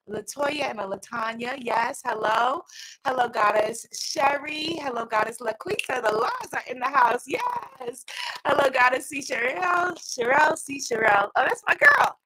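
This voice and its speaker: A middle-aged woman with a New York accent hosting a weekly inspirational livestream, energetic and sing-song as she greets viewers. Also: high voice, measured pace, background noise. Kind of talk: upbeat livestream chat.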